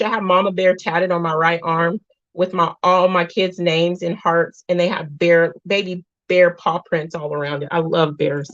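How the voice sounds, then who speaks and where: A woman's voice: fairly low pitch, little pitch movement, normal speed, a bit bright, no room sound, highs cut off. A woman in her thirties, a single mom, hosting a casual livestream and talking earnestly to her viewers. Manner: earnest, talks to chat as "y'all". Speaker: livestream host.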